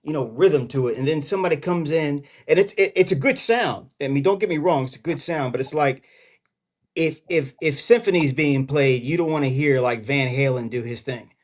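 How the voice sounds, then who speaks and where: A man's voice: fairly high pitch, moderate pace. A man hosting a casual call-in panel show, telling stories and laughing easily. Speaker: show host. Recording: call-in stream audio.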